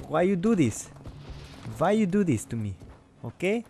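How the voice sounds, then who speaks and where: A man's voice: medium pitch, big pitch swings, unhurried, over music. A man giving casual gameplay commentary, playfully taunting and trash-talking his opponents. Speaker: gaming channel host. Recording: loud game gunfire behind voice.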